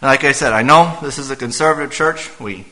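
Bright-voiced preacher in an echoey church. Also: male voice, mid-range voice, fairly quick. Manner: conversational, quizzes the congregation. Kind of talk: sermon.

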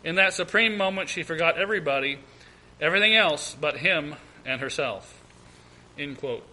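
Man, preacher, high voice, very bright and piercing tone, reads scripture then explains it, stumbles and restarts. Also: low-quality recording. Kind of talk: Bible teaching sermon.

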